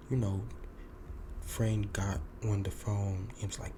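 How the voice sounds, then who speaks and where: Deep-voiced man telling a story, noisy. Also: unhurried. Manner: animated, acts out quoted lines, swears. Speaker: podcast host. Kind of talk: casual storytelling monologue.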